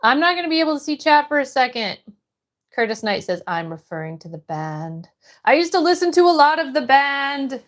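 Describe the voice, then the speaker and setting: This livestream host from Florida has a voice that sits high and is very animated and brisk. On her casual stream she reads out viewer messages and replies to them while painting.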